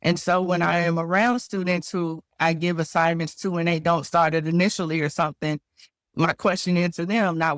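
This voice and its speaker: A woman's voice: on the low side, flat delivery, fairly quick, no echo, clean studio sound. A woman educator, a guest on an interview show, telling vivid classroom stories and acting out what people said. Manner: vivid anecdotes with acted-out quotes. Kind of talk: storytelling interview talk.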